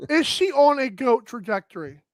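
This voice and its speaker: A high-pitched man hosts a live sports talk show with loose, energetic chatter and plenty of "like" and "um". The room is dry and close, with no echo. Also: moderate pace. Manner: energetic, rambling, many fillers.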